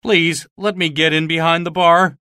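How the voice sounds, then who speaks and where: A man's voice: steady tone, normal speed, bright, forceful tone, dry recording, clean studio sound. A man voicing a terrified, ragged fugitive who is crying and out of breath as he begs for help. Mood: panicked pleading. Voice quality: high, strained and pleading. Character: terrified, sobbing ragged man fleeing a pursuer.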